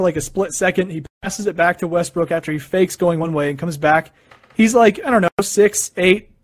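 A young man talking casually about basketball, telling stories in an excited, animated way. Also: sits high, no room sound. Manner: excited, animated storytelling with quick asides. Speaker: sports fan sharing opinions. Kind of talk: casual monologue.

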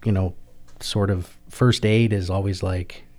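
A middle-aged man, a military veteran telling a personal story in an interview, halting and plain-spoken, often repeating and restarting words. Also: low voice, steady tone, a little mellow. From Canada.

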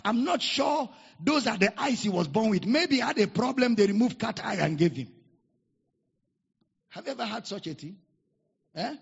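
Leading worshippers through call-and-response lines, a Nigerian-accented pastor delivers his sermon in a very high-pitched voice that is gravelly and slightly rough. The lo-fi recording sounds dull and echoes as in a hall.

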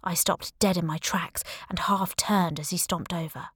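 A woman's voice: fairly low pitch, steady tone, normal speed, fairly bright tone, slightly rough, no room sound, studio quality. A woman narrating a first-person audiobook in a wry, breezy storytelling manner.

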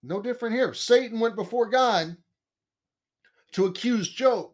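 A man's voice: very high voice, measured pace. A man teaching the Bible in a conversational sermon, earnest and emphatic, often repeating key phrases.

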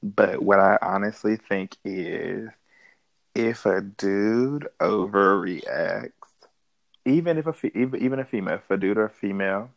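Tipsy guy in his 30s, low and gravelly, rambles and restarts a lot, dry mic. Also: unhurried, dry recording, poor audio. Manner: rambling, many restarts, laughs often. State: a little drunk. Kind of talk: casual chat.

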